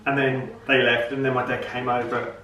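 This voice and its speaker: A man's voice: mid-range voice, flat delivery, moderate pace, sharp tone, faint music behind. A middle-aged man, telling a rambling joke and chatting casually to camera at home. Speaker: vlog host. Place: home, indoors. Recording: roomy, from far off camera.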